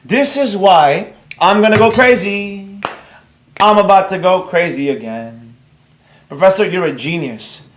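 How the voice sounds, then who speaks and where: A man teaching a live trading class, blunt and excitable, rambling off on tangents while reading viewers' comments and scolding them. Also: sits high, a little slow, echoey room, a little hiss or hum.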